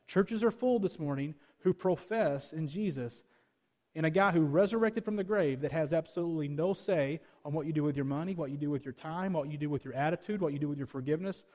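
A man's voice: a little high, brisk, darkish tone. Pastor guy in his 30s, chatty sarcastic sermon, lots of "right?" questions, long church-hall echo. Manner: conversational, snarky, full of rhetorical questions.

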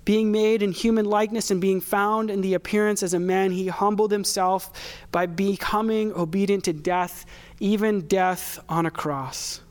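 A man's voice: high voice, steady tone, moderate pace, clear, resonant tone. A man preaching a sermon as a pastor, talking in a conversational way and telling personal stories.

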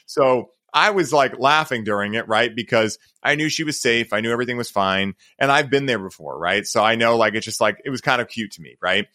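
A man's voice: mid-range voice, a little fast, hardly any pauses, bright, forceful tone, no room sound. A man hosting a podcast, telling stories in a rambling, casual way and leaning on filler words. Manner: rambling, heavy use of "like" and "right?". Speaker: podcast host.

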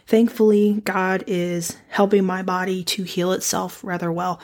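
A young woman hosting a devotional podcast, earnest and reflective, her voice slightly raspy and nasal as she recovers from the flu. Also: mid-range voice, flat delivery, a little slow, a little mellow. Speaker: podcast host.

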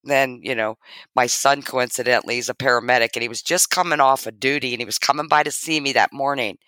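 As a guest in an interview, a middle-aged woman earnestly shares a heartfelt personal story, acting out the quoted dialogue. Her voice is very deep and a bit bright, with fairly even intonation. She talks fast, and the recording has no echo.

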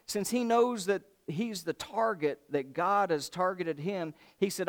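A man's voice: high-pitched, unhurried, few pauses. A man preaching a sermon, retelling a Bible story in a casual, colloquial way and acting out the characters' lines.

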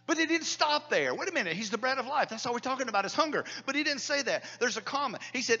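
A middle-aged male pastor preaching a sermon in a church hall, swinging between loud declarations and hushed near-whispers. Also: very high-pitched, sing-song, a little fast, lo-fi sound.

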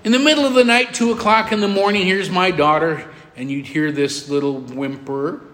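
Middle-aged male pastor, high-pitched, repetitive emphatic sermon delivery. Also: normal speed. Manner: emphatic repetition, soft drops for emotional moments. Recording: long hall reverb.

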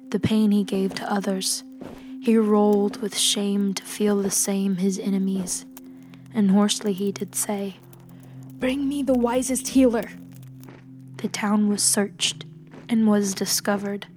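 A woman narrates a fable in a slow, hushed voice that often drops to a whisper. Her melody stays flat and even, and music plays clearly behind her. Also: medium pitch. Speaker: storyteller. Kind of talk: scripted storybook narration.

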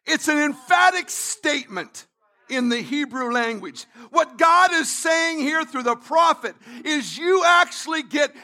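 A man pastor preaching a sermon, emphatic, repeating phrases and building to shouts. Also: extremely high pitch.

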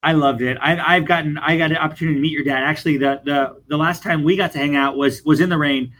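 A man's voice: a little high, steady tone, fast talker, a bit bright, poor audio. A younger man, a therapist, talking earnestly in a casual podcast chat, often restarting his phrases. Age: young adult.

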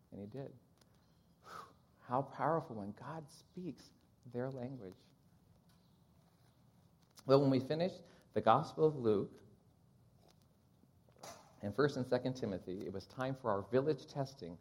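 A man's voice: medium pitch, a little slow, pauses often. A man, a Bible translator, telling stories in a church missions talk and acting out the people he quotes. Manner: animated storyteller acting out quotes.

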